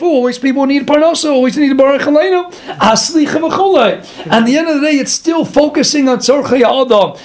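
A man's voice: extremely high pitch, slight background noise. A man teaching a Torah lecture as a rabbi. He asks rhetorical questions and acts out pleas as little dialogues.

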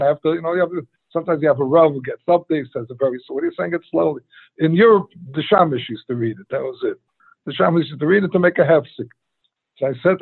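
Rambling rabbi on a tinny line. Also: male voice, fairly high pitch, slightly rough. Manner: rambling, repeats and restarts, mixes Hebrew and Yiddish terms, asks rhetorical questions. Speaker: rabbi teaching a Talmud class. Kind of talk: informal Torah lecture. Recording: tinny phone-line quality.

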